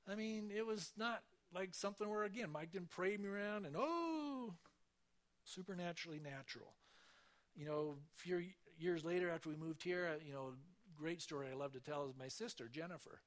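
A man telling personal stories from a church stage in a casual, animated way, acting out the quoted voices. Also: high voice, normal speed. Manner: conversational, animated storytelling with acted quotes. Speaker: church speaker giving testimony. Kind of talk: sermon testimony storytelling.

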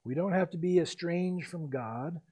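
A man preaching a sermon in an expressive way, rising to loud emphasis and dropping to hushed, quiet lines. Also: on the high side, moderate pace. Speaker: pastor.

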